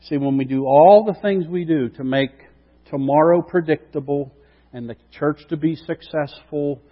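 A man's voice: on the high side, normal speed. Emphatic preacher man in a reverberant hall. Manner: emphatic, rhetorical questions, swings from quiet to loud. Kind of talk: sermon. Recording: dull sound with long reverb.

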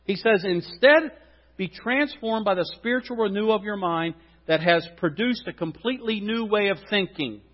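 A male pastor preaching a sermon, swinging between loud emphatic preaching and quiet joking asides. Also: high voice, normal speed. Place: church sanctuary. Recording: dull sound with long hall reverb.

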